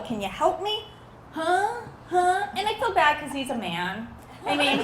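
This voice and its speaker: Performing outdoors at a backyard show, a high-voiced woman comedian animates a family story by acting out its people. The audio echoes and carries a little hiss or hum.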